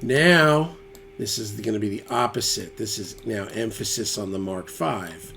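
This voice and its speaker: A guitarist shows off gear in a casual studio demo, his lowish, gravelly voice moving a little slowly. He thinks aloud and lets sentences trail off while tweaking settings, with loud electric guitar playing back behind him.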